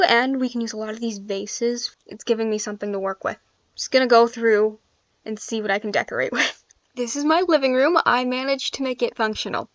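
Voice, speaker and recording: A fairly high-voiced woman chats her way through a build game, thinking aloud and laughing often. The sound is dry and a bit dull, recorded close on a desk mic. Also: fairly bright tone, no room sound. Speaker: gaming YouTuber. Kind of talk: casual gameplay commentary.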